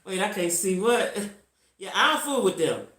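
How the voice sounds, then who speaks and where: A woman of about sixty talks straight to her viewers in a blunt, salty manner, hammering points home by repeating them. Her voice is bright and forceful, and her pitch swings widely. The sound carries a roomy echo. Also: big pitch swings, moderate pace. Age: around 60. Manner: reacts to live chat. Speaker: vlogger. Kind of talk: casual storytelling to viewers.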